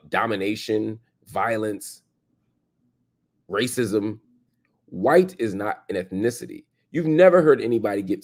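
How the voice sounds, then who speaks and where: A man's voice: on the low side, darkish tone. A man hosting a reaction commentary, emphatic and repeating his points for stress. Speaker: show host and commentator. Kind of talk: reaction commentary on a played clip.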